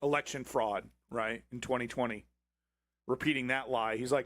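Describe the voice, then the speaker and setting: A man's voice: mid-range voice, a little fast, fairly bright tone, no echo. A man hosting a livestream, reacting to a political clip with angry, profanity-filled ranting. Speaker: livestream host.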